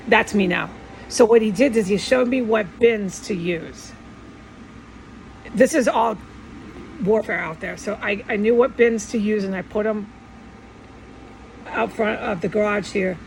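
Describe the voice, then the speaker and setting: A woman's voice: mid-range voice, a little slow, gravelly, long pauses, slight background noise, low-quality recording. A woman talking at home in a rambling, defensive monologue, insisting on her points again and again. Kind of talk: casual monologue vlog.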